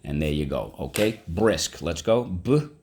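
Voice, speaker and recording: Deep-voiced man teaching vocabulary. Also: a little slow, a little hiss or hum. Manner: animated, spells words aloud and checks in with "okay? right?". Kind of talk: vocabulary lesson.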